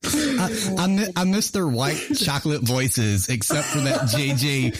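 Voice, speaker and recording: A man's voice: on the high side, animated, a little slow, crowd noise. Laughing, swearing male podcast host. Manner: laughs often, swears freely. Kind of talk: casual profane chat.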